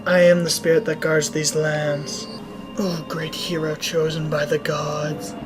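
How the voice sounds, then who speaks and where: Woman doing a slow, commanding light spirit, low voice over game music. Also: little pitch movement. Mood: solemn. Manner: slow, solemn delivery. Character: ancient guardian light spirit, solemn and commanding.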